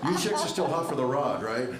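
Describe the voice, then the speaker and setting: A middle-aged male stand-up comedian on stage at a comedy club, delivering jokes with a dry, wry deadpan through a handheld mic. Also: heavy background noise. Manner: dry, wry deadpan with lively jumps in pitch. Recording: echoey club room with audience laughter.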